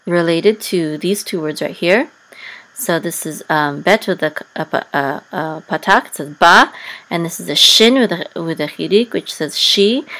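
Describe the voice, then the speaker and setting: A woman with a somewhat low voice leads a step-by-step lesson. She patiently sounds out each syllable and corrects herself as she goes. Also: a bit bright, rough recording. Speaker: Hebrew and Torah chanting teacher.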